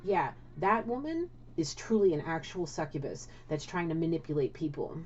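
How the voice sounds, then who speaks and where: A woman's voice: low voice, big pitch swings, moderate pace, a little hiss or hum. A woman giving a casual spiritual tarot reading, blunt and swearing, often checking in with "okay?". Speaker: tarot card reader. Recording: dull lo-fi audio.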